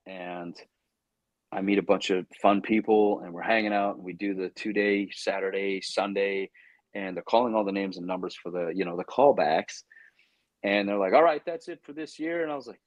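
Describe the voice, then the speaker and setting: A man's voice: deep voice, normal speed, no room sound, dull audio. A man, an actor guest on an interview show, telling a story animatedly, acting out his own inner voice and stumbling over restarts. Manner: frequent restarts and stammers when excited.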